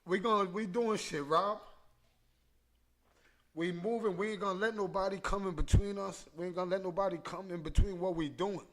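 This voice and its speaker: A man's voice: high-pitched, steady tone, moderate pace, fairly bright tone. A man hosting a podcast, telling an emotional personal story in street slang and repeating phrases for emphasis, choked up at times. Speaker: podcast host.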